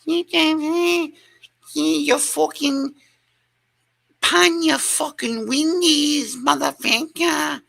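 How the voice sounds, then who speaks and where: A man putting on the voice of a furious woman who shouts garbled, slurred swearing. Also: very high voice, fairly even intonation, extremely slow, creaky, pitched above the performer's own voice, full character voice. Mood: ranting, shrill. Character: shrieking furious woman spitting garbled curses.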